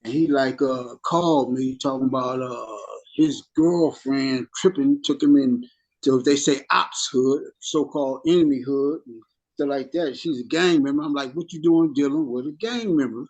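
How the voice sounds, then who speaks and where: A man's voice: medium pitch, unhurried, a little mellow, lo-fi sound. Stammering, heated middle-aged man. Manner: heated storytelling with stammered restarts. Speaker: formerly incarcerated group member. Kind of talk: support group sharing.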